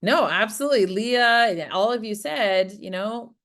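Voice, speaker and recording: A woman's voice: mid-range voice, lively intonation, normal speed, a bit bright. A woman presenting an interactive workshop, talking in an engaging way, asking the audience questions and acting out example phrases. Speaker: workshop presenter on farmer wellbeing. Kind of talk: interactive online workshop talk. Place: Prince Edward Island, Canada.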